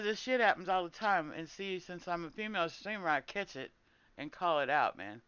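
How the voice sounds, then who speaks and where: A woman's voice: on the low side, animated, moderate pace, fairly bright tone, clean tone, dry recording, lo-fi sound. A woman streamer in casual chat, venting and swearing with frequent laughs. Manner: venting, profane, laughs a lot. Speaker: game streamer.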